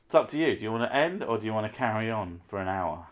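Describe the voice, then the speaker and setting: A man's voice: lowish voice, expressive, fast. A man hosting a live stream, chatting casually and rambling through self-mocking asides.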